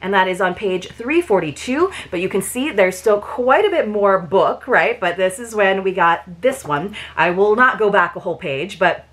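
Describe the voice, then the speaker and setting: A woman's voice: medium pitch, lively intonation, moderate pace, few pauses, a bit bright. A woman chatting casually while unboxing a subscription book box, repeating words and using fillers.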